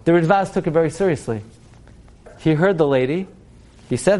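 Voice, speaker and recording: A man teaching through an animated, dramatic story, speaking directly to his listeners. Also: medium pitch, normal speed, slight background noise. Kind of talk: storytelling lesson.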